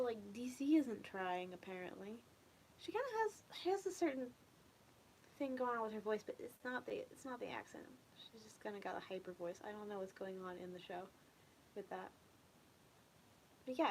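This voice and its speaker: A young woman talks softly and casually, rambling a little and often dropping into a near whisper. Her voice sits at an ordinary pitch for a woman. A faint hiss of background noise stays under her voice. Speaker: ASMR streamer chatting with viewers. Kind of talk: casual soft-spoken chat.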